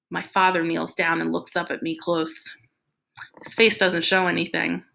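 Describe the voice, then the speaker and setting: A woman narrating a novel in the first person, reading in a plain, steady way. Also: on the low side, normal speed, gravelly. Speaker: audiobook reader.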